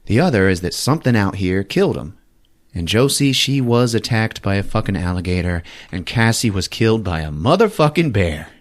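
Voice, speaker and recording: A man's voice: fairly low pitch, big pitch swings, a little fast. A man voicing a paranoid woman who interrogates her captives, in a profane, accusing drawl.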